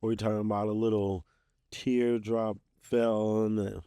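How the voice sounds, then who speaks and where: Male co-host, teasing questioner, lowish pitch, warm tone. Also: level tone, a little slow, clean tone, dry recording, clean studio sound. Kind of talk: casual chat.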